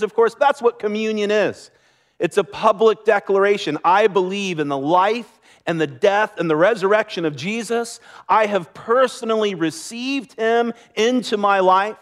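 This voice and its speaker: A man preaching a sermon as pastor, earnest and conversational, with light laughter. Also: sits high.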